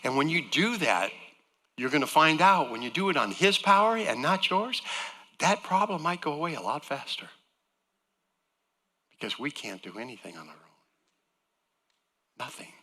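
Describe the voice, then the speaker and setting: A man delivers an earnest sermon in a very bright, forceful voice that rises and falls with lively pitch. His delivery swings between emphatic peaks and hushed asides, and his words ring out with the long reverb of a large church sanctuary. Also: normal speed, pauses often. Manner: earnest preaching, voice swinging from loud emphasis to soft. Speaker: guest speaker.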